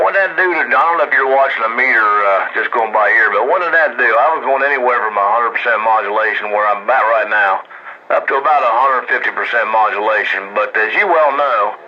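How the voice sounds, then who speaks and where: A man on CB radio, laid-back, with slangy radio lingo and lots of fillers. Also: medium pitch. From Ohio, US. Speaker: CB radio operator. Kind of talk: casual radio chat. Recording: muffled radio transmission with static.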